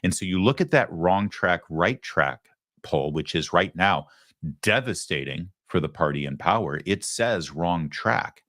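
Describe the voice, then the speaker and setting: Male political talk host, deep voice, dry close sound, sarcastic and emphatic. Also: lively intonation, normal speed, fairly bright tone, no echo. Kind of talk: opinionated commentary.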